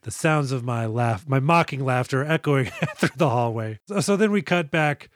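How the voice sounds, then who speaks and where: A man's voice: mid-range voice, expressive, moderate pace, no echo, clean studio sound. A man co-hosting a movie podcast, recapping scenes with sarcastic, profane jokes in a casual chat. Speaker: podcast co-host.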